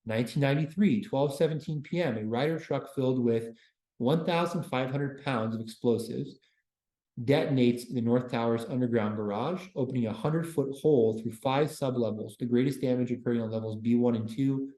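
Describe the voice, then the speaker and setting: A man giving a casual classroom history lecture as a university lecturer, breaking it up with deadpan joking asides. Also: mid-range voice, fairly quick. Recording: roomy classroom echo.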